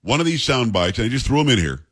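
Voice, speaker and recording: A man's voice: medium pitch, very animated, quick pace, fairly bright tone. A male radio talk show host in casual, wry banter, mocking the clips he plays.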